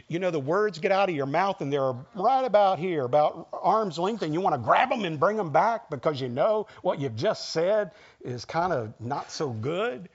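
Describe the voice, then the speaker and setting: Man, pastor, sermon, conversational preaching, fairly high voice, dull lo-fi recording. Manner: conversational preaching, acts out quoted lines.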